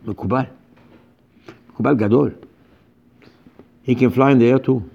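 A man's voice: medium pitch, fairly even intonation, normal speed, gravelly, lo-fi sound. A man giving an informal religious lecture as a rabbi, speaking emphatically and animatedly in broken English with many repetitions.

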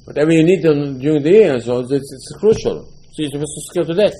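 An older male rabbi gives a Torah lecture, his showing through. His voice is husky and warm, and he tells stories with emphatic repetition, acting out the quotes. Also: fairly high pitch, animated, brisk, few pauses, poor audio.

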